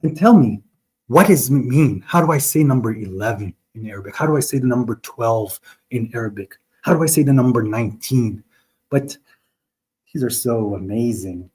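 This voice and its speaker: A man's voice: medium pitch, warm tone, slightly rough. A man hosting a live online religious talk, arguing with viewers in the chat in a mocking tone and breaking into quoted Arabic verses. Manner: argumentative, mocking, talks straight to viewers.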